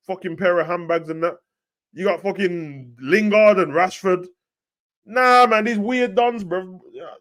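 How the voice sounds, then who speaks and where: Slangy young man ranting on football. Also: high voice. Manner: slangy, rambling, animated. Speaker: football talk host. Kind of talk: casual football rant.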